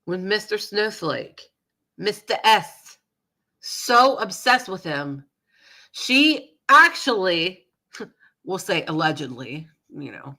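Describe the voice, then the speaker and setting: A woman's voice: lowish voice, creaky, bright, forceful tone. A woman live streamer with a nasal voice, getting over a cold, chatting in a gossipy, rambling way with apologetic asides. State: recovering from a cold, sniffly. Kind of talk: casual live-stream chat.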